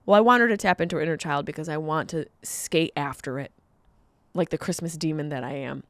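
A woman hosting a podcast, telling stories in an animated comedic monologue with jokey asides. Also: deep voice, a little fast, no room sound.

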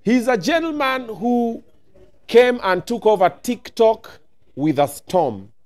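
A man's voice: extremely high pitch, animated, slow pace, a little mellow. A man hosting a casual talk show interview, playful and teasing, switching between English and Swahili. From Nigeria.

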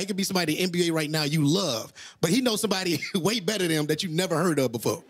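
A man in his thirties doing a stand-up comedy set, telling stories loudly with high-pitched impressions. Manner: animated, loud storytelling with high-pitched impressions. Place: comedy stage before a live audience. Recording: loud crowd and noise. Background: crowd laughter.

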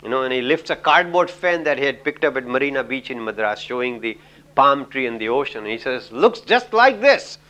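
A man's voice: mid-range voice, steady tone, a little fast, sharp tone. A middle-aged man from India giving a lecture on communication, telling anecdotes in a chatty way with many "you know"s and laughs.

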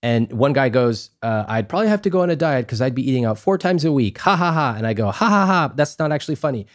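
A man in a podcast interview, talking emphatically and acting out little exchanges, his voice climbing high when he stresses a point. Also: animated, quick pace, darkish tone. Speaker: guest, personal finance author.

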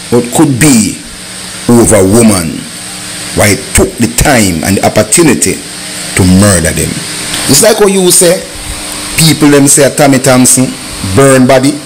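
A man's voice: mid-range voice, slight background noise, low-quality recording. A man with a Jamaican accent, speaking in patois and making an indignant rebuttal as a vlogger. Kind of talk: heated commentary rebuttal.

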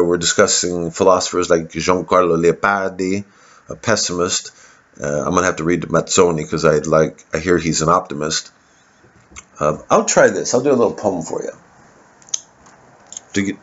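A man rambles through a sardonic comic monologue, swearing casually and changing course mid-thought. His voice sits fairly low. The recording is dull and lo-fi. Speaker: comedian.

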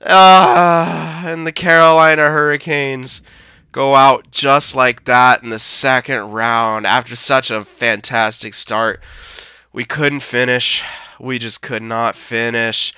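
A young man giving live, profane gameplay commentary, swinging between shouting at his team and deflated muttering. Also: medium pitch, steady tone, takes it slowly, clear, resonant tone, no room sound, clean studio sound. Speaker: gaming commentator.

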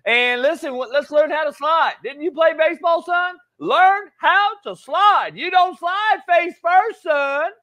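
A man putting on a loud, high-pitched football coach voice that scolds a player and keeps calling him "son". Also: unhurried, few pauses, heavily acted. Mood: ranting. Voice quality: shouts and drawls "son" at the end of lines. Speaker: sports show host. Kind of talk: film-breakdown sports commentary.

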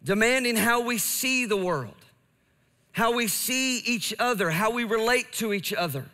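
Bright-voiced male preacher in a reverberant church. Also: very high-pitched, lively intonation, a little slow. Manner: earnest, emphatic preaching with repetition. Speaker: pastor. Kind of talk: sermon. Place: church sanctuary.

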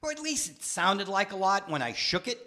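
An older man performing stand-up comedy in a wry, deadpan, self-mocking storytelling manner. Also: sits high, normal speed, slight background noise. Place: studio stage with live audience.

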